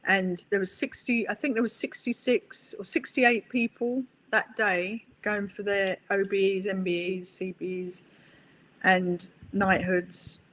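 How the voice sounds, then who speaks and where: A middle-aged woman, a guest on an interview podcast, telling stories in a chatty, animated way. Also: medium pitch, slow, a little hiss or hum. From England. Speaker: guest, pool player. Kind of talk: interview conversation.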